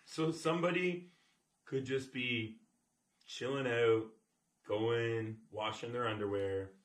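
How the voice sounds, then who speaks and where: Man from canada, podcast co-host, teasing, chuckling, mid-pitch voice, echoey room. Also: takes it slowly. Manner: laughing, teasing. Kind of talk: casual podcast chat.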